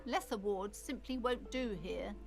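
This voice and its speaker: A woman's voice: medium pitch, a little slow, creaky, faint music behind. An actress voicing an eccentric, superstitious woman who runs a shop in a video game, earnest and a little dotty. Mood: ominous.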